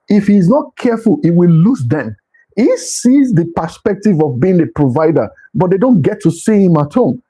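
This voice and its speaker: Husky, earnest man giving a talk. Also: on the high side, warm tone, rough recording. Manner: earnest, repetitive, pleading. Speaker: leadership speaker. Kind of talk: motivational talk.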